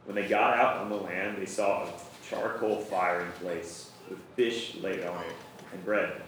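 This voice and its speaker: A man reading a scripture passage aloud at a measured, steady pace in a church. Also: low-pitched, slight background noise. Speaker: scripture reader. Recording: very echoey, distant mic.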